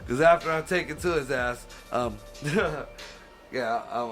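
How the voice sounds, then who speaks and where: A man hosting a show, ranting casually, swearing constantly, laughing and bursting into loud shouts. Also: medium pitch, lively intonation, measured pace, soft background music. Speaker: podcast host. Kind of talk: profane casual rant.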